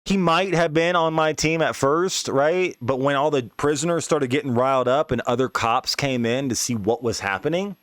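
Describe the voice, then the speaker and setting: A man's voice: mid-range voice, moderate pace, hardly any pauses, a bit bright, no room sound, studio quality. Rambling, profane man spinning a yarn. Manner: leans on filler tags. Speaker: podcast host. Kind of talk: casual storytelling.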